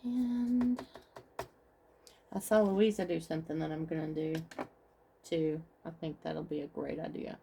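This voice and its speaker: Mellow, low-voiced woman crafting on camera. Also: steady tone, a little slow, creaky, long pauses, a little hiss or hum. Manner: chatty, talks through each step to viewers. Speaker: craft vlogger. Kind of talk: casual craft tutorial chat.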